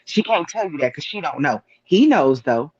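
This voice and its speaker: A man's voice: fairly high pitch, sing-song, moderate pace, a little mellow, slightly rough. A man speaking as a guest on a live stream, making his point with repeated rhetorical questions. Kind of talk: casual opinion talk. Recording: dull lo-fi stream audio.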